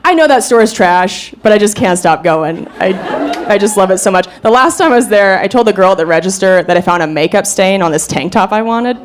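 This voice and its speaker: A woman in her thirties doing a stand-up comedy set, animated and self-mocking. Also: medium pitch, fairly quick, background noise. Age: 30s. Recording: live show with crowd laughter. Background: audience laughter.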